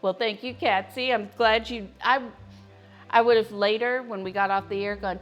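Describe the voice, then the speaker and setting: A woman hosts a live-streamed cooking show from her home kitchen, chatting easily with viewers while she stirs and tastes. Her pitch sits in a middling register. Soft music plays faintly behind her. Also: steady tone, moderate pace, dull audio.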